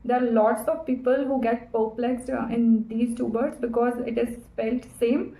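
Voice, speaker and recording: A woman's voice: a little high, fairly even intonation, moderate pace, creaky, dark tone, reverberant, low-quality recording. A woman practicing English in a casual chat, talking carefully and hesitantly. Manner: careful, hesitant, many fillers.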